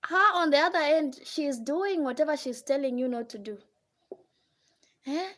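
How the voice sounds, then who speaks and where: A woman with a Kenyan accent and a high voice talks casually on a live stream, handing out blunt advice on marriage. She scolds her listeners with rhetorical questions and keeps checking in with them. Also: moderate pace.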